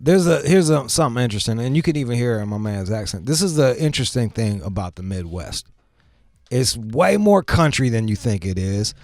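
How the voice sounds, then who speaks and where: Gravelly, profane talk-show host. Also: male voice, mid-range voice, a little fast, no echo, clean studio sound. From Michigan. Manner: profane, loose, animated.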